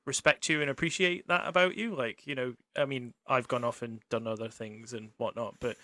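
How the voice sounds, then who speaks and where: A man's voice: mid-range voice, steady tone, brisk, pushed and bright, no echo. A man from England hosting a casual podcast interview, swearing freely and laughing often. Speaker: podcast host.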